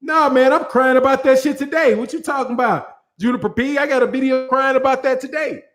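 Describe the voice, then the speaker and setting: A man hosting a boxing channel, talking casually in a live-stream style, animated and slangy, laughing often and acting out what fighters said. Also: very high voice, fairly quick.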